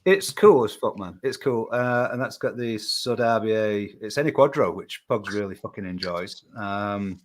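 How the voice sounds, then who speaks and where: A man chatting on a live video-call show, sweary and quick to get worked up in casual banter. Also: lowish voice, animated.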